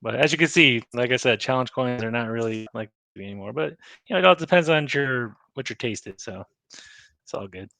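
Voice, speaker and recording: A man's voice: mid-range voice, lively intonation, a little fast, gravelly, pushed and bright, dry recording. A man, a navy chief, chatting casually about challenge coins, rambling with many fillers and restarts. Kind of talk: casual show-and-tell chat.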